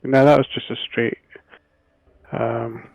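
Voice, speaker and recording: A man playing in a tabletop game, talking quickly and offhandedly about his rolls. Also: mid-range voice, little pitch movement, creaky, no echo, highs cut off. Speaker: player. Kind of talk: casual tabletop game chat.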